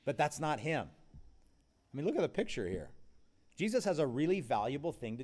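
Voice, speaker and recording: A man preaching a sermon in a conversational way, acting out quoted voices with sudden rises in pitch. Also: big pitch swings, fairly quick, pauses often, darkish tone. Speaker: pastor. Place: event with food nearby.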